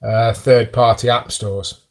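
A man hosting a casual tech podcast, talking thoughtfully with frequent pauses and ums. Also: medium pitch, flat delivery. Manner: thoughtful, hesitant with many ums. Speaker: podcast host.

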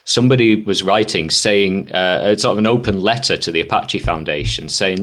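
A man co-hosting a casual tech podcast, telling anecdotes in a quick, chatty way. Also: deep voice, fairly bright tone. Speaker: podcast co-host.

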